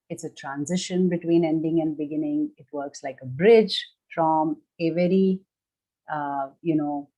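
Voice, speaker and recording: A woman giving a gentle, measured workshop talk, explaining ideas step by step. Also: deep voice, rough recording. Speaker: workshop speaker on grief and loss.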